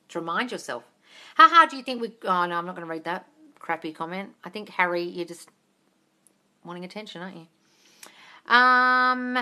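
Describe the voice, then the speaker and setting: A woman answers viewer questions on a live phone stream with a bright, forward voice. She is blunt and swears freely, calling everyone darling. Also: medium pitch. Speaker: manifestation coach hosting a live Q&A.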